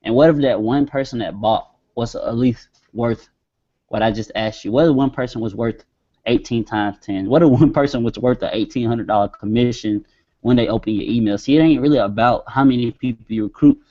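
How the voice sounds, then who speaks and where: A man's voice: mid-range voice, brisk, dark tone. Laid-back man teaching over a screen share. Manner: casual, talks while typing, stretches words as he dictates. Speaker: marketing webinar host. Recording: dull lo-fi webinar audio.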